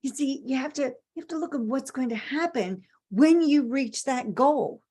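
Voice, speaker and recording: A woman's voice: high voice, normal speed, warm tone, husky. A middle-aged woman giving a motivational talk, emphatic, repeating key phrases and asking rhetorical questions. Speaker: motivational speaker.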